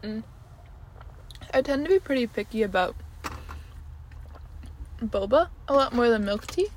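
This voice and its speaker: A woman's voice: fairly high pitch, expressive, unhurried, slight background noise, rough recording. A young woman giving a casual, rambling food review while eating, chatty and giggly with many ums. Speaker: vlogger.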